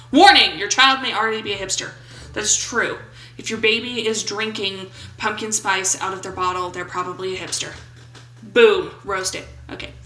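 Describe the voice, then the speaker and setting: A gaming YouTuber around twenty-seven offers silly, playful game commentary, reading the questions aloud and tossing in jokes and brief funny voices. Her medium-pitched voice sounds pushed and bright, recorded roughly in a roomy space.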